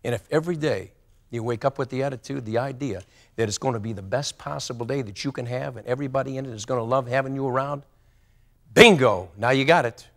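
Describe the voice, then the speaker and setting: An older man giving a motivational speech to a football team, telling stories in low confiding tones that swing into loud rallying bursts. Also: fast. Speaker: motivational speaker.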